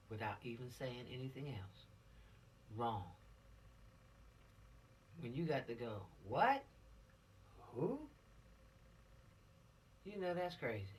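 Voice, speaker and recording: A man's voice: medium pitch, expressive, normal speed, pauses often, recorded from a distance, a little hiss or hum. A man giving an informal, preachy law lesson to teenagers, repeating his points for emphasis. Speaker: law instructor for teens.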